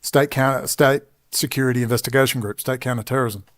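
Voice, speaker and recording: A man's voice: medium pitch, steady tone, quick pace. A middle-aged man with an Australian accent, telling a long personal story with emphatic asides and frequent digressions. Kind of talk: rambling personal storytelling monologue.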